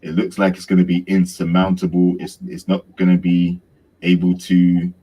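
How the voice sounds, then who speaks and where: A man on a panel giving a measured, somewhat hesitant summary. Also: low voice, a little mellow. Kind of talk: casual analysis.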